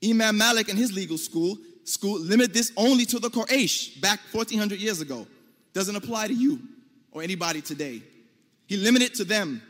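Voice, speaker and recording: An American man giving an emphatic debate speech to an audience, pressing his points and rising to near-shouts. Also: high voice, lively intonation, fairly quick. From United States. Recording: long hall reverb.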